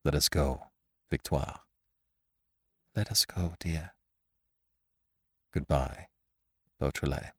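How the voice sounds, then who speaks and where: Daring thief with a deep, low voice, read by a man. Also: sing-song, moderate pace, no echo, studio quality. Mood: grieving. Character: bold gentleman thief, grief-stricken man.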